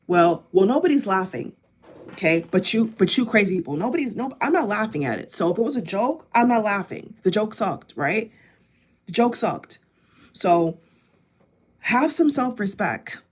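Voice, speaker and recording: A woman's voice: mid-range voice, big pitch swings, moderate pace, slightly rough. Emphatic woman vlogger ranting to viewers. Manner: emphatic, repetitive, addresses viewers directly. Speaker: political vlogger. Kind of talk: impassioned commentary to camera.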